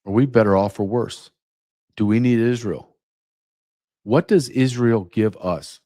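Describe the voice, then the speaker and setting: A man's voice: on the low side, a little slow, long pauses, mellow. A man hosting his own podcast, delivering a combative, sarcastic political rant. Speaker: podcast host.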